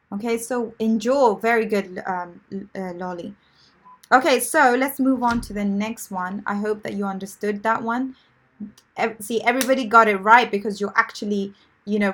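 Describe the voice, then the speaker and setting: A woman's voice: mid-range voice, a bit bright. A woman teaching English vocabulary in a live online lesson, chatty and encouraging, with many fillers and restarts.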